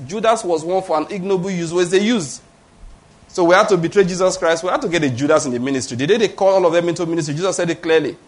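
A man's voice: fairly high pitch, quick pace. A Nigerian man in his fifties preaching a sermon, emphatic, repeating key phrases and checking in with the congregation. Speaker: pastor.

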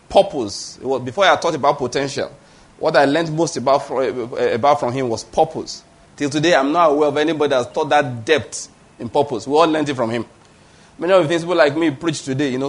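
A Nigerian man in his fifties preaching a sermon, emphatic, repeating key phrases and checking in with the congregation. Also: on the high side. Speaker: pastor.

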